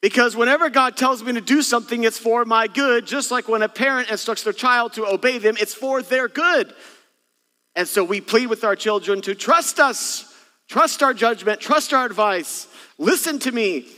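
A man preaching a Christmas Eve sermon, his voice pitched high and ringing bright. He moves with animation from scripture to playful asides, and his words trail off into a long church hall reverb. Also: normal speed. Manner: animated preaching, acts out parent and child exchanges. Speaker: senior pastor. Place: church sanctuary.

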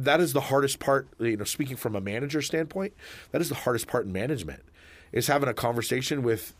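A middle-aged man telling stories in casual conversation, full of ums and you-knows, speaking as an experienced manager. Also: medium pitch. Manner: rambling, hesitant with frequent ums and you-knows. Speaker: manager and podcast co-host.

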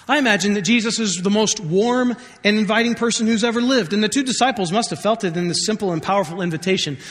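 A man's voice: high-pitched, a bit bright. A man preaching a sermon as pastor, conversational and joking, acting out scripture quotes. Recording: long hall reverb.

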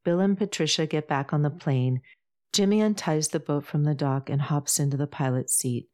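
A woman reading a novel aloud in steady scripted narration. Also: low voice, moderate pace. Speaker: audiobook narrator.

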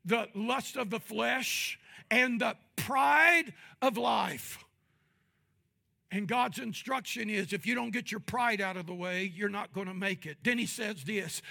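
A pastor delivering a sermon, moving between quiet, measured talk and loud, drawn-out shouts. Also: male voice, high-pitched, creaky. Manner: drawn-out, emphatic phrasing.

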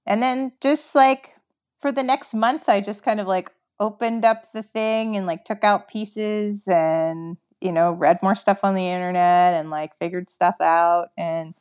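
In lo-fi audio, a mid-range female voice belongs to a record maker from Canada appearing as a guest in a relaxed interview. She spins a chatty story, performs her own past lines, and leans on the word "like" often.

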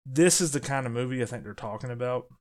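A man co-hosting a casual podcast. He talks in an animated, jokey way and often restarts his sentences. His voice sits in an ordinary middle pitch. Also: quick pace. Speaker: podcast co-host. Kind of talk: casual movie review chat.

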